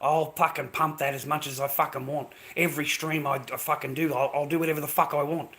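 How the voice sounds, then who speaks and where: An Australian man with a slightly high-pitched voice rants on a livestream. He talks in a combative, profane way and throws questions straight at his viewers. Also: flat delivery, quick pace, few pauses, a bit bright. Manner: angry, profane, combative, addressing viewers directly. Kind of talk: livestream rant to chat.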